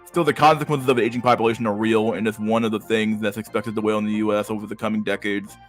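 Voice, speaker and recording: A man's voice: fairly low pitch, level tone, quick pace, faint music behind. Profane man riffing on the news. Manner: profane, slangy asides. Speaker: podcast host. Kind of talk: reading a news article with casual commentary.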